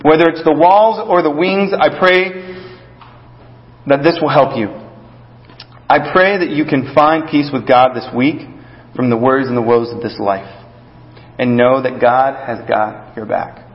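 A young adult male pastor preaching a conversational sermon, often dropping to a soft, gentle voice. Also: medium pitch, unhurried, long pauses. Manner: conversational, drops to soft gentle tones when quoting God. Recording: echoey hall, dull lo-fi sound.

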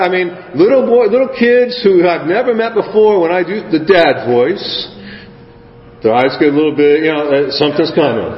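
A man preaching a sermon, telling a lively story and acting out children's voices. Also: high-pitched. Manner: animated storyteller, acts out kids' voices. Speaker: guest preacher. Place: church sanctuary. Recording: echoey hall, slightly dull sound.

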